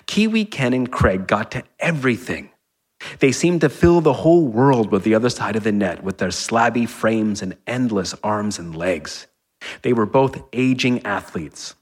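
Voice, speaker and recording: A man's voice: lowish voice, slightly rough, long reverb tail. Wry man reading his comic fiction aloud. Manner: chuckles at his own lines, wry asides. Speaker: author reading his own work.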